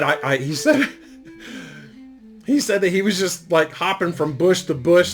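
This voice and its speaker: A man's voice: a little high, fairly bright tone. A middle-aged man telling a story in a casual monologue, rambling and profane, with lots of fillers. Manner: rambling, profane, laid-back delivery with frequent fillers. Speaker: YouTube storyteller.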